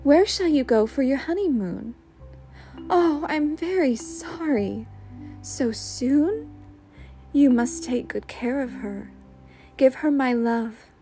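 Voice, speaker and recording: A woman's voice: on the high side, very animated, slow, pauses often, full character voice. A woman voicing a strained woman who sounds charming, playful and affectionate on the phone, with music behind.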